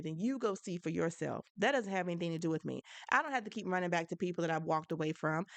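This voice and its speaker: A woman's voice: fairly low pitch, creaky, dry recording. A woman hosting a solo advice podcast, talking frankly and conversationally, with a preachy edge. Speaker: podcast host.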